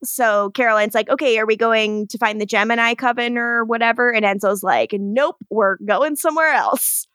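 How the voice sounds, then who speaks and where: Lively woman recapping a show, dry mic. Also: fairly high pitch, normal speed, few pauses, dry recording. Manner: animated, profane, acts out characters' lines. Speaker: podcast co-host. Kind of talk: casual recap chat.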